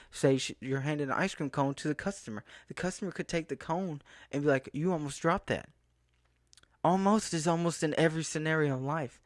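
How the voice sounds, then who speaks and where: A man's voice: fairly high pitch, no room sound, studio quality. A young man ranting casually to the camera, rambling and exasperated, often acting out what he said to people. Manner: rambling, exasperated, restarts and quoted asides. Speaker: vlogger. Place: outdoors in a town, then home.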